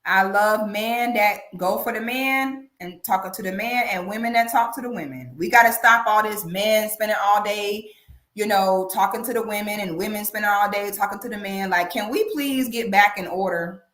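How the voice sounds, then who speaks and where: A woman's voice: mid-range voice, normal speed. A woman hosting a casual commentary livestream, talking emphatically and often asking "okay?". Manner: animated, emphatic, repeats "okay?". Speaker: commentary channel host. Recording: echoey room.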